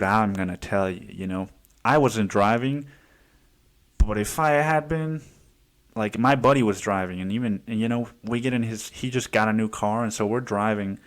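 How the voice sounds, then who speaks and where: A man hosting a podcast alone, telling a long story in a rambling, profane, casual way with lots of fillers. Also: lowish voice. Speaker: podcast host. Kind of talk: casual solo podcast monologue.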